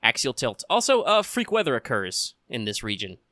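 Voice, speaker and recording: Bright-voiced male game master. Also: mid-range voice, moderate pace, no echo. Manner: relaxed and joking, with many fillers. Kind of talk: casual tabletop game narration.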